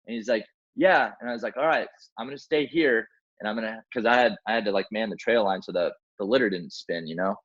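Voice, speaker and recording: A young man with a fairly low voice tells a war-story-style rescue tale in a relaxed interview. He acts out each exchange and sprinkles in "like" and "man" as he goes. The audio is dull and muffled. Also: racing, few pauses. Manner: animated, acts out quoted dialogue, many fillers like "like" and "man". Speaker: guest, helicopter rescue swimmer.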